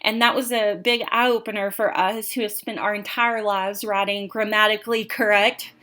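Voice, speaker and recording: Speaking at medium pitch and a moderate pace, a woman in her twenties or thirties gives a taped lecture on college writing. She voices example passages with expressive rhythm and emphasis.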